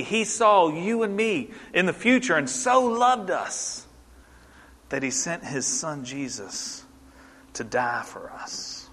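A man in his forties preaches with a bright, forceful, fairly high voice. He tells a story in an animated way and puts questions to the congregation. A long reverb from a large church hall trails each phrase. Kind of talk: sermon.

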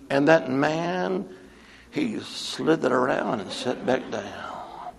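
A man preaching a sermon, telling stories with repeated refrains and swinging from booming calls to hushed near-whispers. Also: expressive, slow, vocal fry, big-room sound. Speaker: pastor. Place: church sanctuary.

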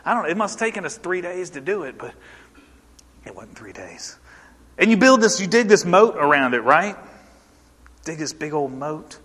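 A man in his forties preaching a sermon, telling a story in an animated way and asking the congregation questions. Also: a little high, moderate pace, pauses often, big-room sound.

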